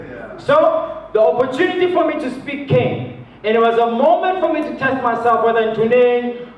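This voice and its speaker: A man from South Africa giving a motivational talk to a live audience, animated and acting out the voices of others. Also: very high-pitched, normal speed, a little hiss or hum. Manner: animated, acts out voices of others, chuckles often. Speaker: motivational speaker. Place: large hall with an audience. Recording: distant, roomy, dull hall recording.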